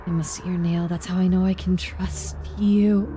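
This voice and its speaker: A frightened, paranoid man shut in his house pleads to be left alone, repeating himself in a frantic rush, as a woman reads him aloud. His voice is soft and mellow rather than sharp. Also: lowish voice, little pitch movement, moderate pace, slight background noise, lightly acted.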